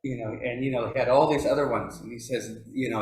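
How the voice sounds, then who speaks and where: A man telling stories at a forestry workshop, pausing often with fillers and lifting his pitch when he quotes elders. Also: fairly even intonation. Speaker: workshop speaker. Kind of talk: storytelling talk. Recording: echoey room.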